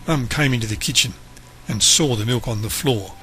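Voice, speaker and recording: A man reading a children's story aloud in an expressive, animated way. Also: mid-range voice, normal speed, faint music behind. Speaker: storybook reader.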